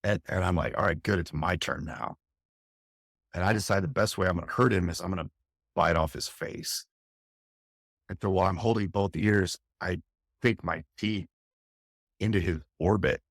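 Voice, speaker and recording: A man's voice: low-pitched, steady tone, moderate pace, gravelly, long pauses, no echo, studio quality. A middle-aged man, a fire captain, recounting a harrowing experience intensely and candidly in an interview, often restarting his phrases. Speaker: fire captain, podcast guest.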